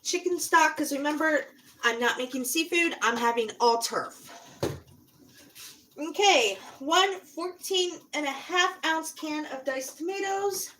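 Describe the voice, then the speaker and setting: A woman with a high voice chats her way through a recipe in her home kitchen, talking straight to her livestream viewers. Her talk is loose and rambling, and she drifts off-mic now and then as she moves about. A faint hiss of noise sits under the recording. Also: measured pace, a bit bright. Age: adult, parent. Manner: chatty, rambling, talks to viewers while cooking; moves around, sometimes steps away from the mic. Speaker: cooking channel host. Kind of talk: casual cooking livestream chat.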